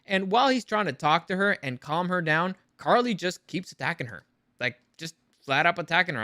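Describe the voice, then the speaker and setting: A man delivering a ranting review, sarcastic and fed up, with frequent swearing. His voice sits fairly high and sounds bright and forceful. The recording is close and dry. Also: animated, fairly quick, dry recording. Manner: exasperated, sarcastic, swears freely.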